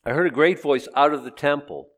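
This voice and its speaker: A man's voice: a little high, a little fast, a bit bright. A man teaching a Bible sermon in a chatty way, asking and answering his own questions and acting out the quoted lines. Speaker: preacher.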